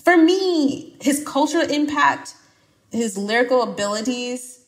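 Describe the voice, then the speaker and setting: A woman from Atlanta with an American accent, a podcast guest talking casually in an emphatic, animated way with playful exaggeration. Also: high-pitched, measured pace. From Atlanta, USA. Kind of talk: casual conversation.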